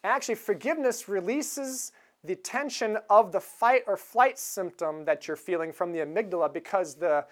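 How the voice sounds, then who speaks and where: A woman's voice: mid-range voice, normal speed. Woman preacher, casual chatty sermon delivery, easy chuckles, mid-range voice. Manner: conversational, chuckles while retelling a film scene.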